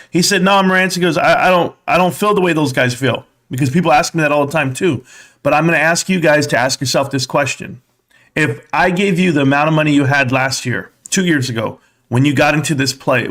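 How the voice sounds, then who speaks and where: A man's voice: mid-range voice, fairly bright tone. A man hosting a casual livestream, rambling and asking rhetorical questions. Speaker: host.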